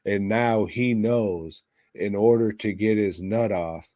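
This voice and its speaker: A man's voice: fairly low pitch, slow pace, warm tone, dry recording. A man co-hosting a podcast, reviewing a movie in casual chat with crude, sarcastic, swear-heavy remarks. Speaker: podcast co-host. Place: podcast studio.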